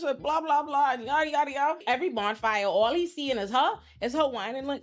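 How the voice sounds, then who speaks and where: Animated, blunt young woman commentator. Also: fairly high pitch, fairly quick, hardly any pauses. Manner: animated, blunt and profane, acts out quoted people. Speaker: pop culture commentator host. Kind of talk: casual reality TV commentary.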